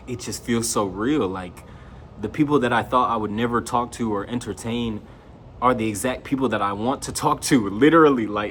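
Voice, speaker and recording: A man's voice: medium pitch, a bit bright, a little hiss or hum. A young man talking straight to camera in a loose, slangy monologue, raising his voice when he quotes his friends. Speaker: vlogger.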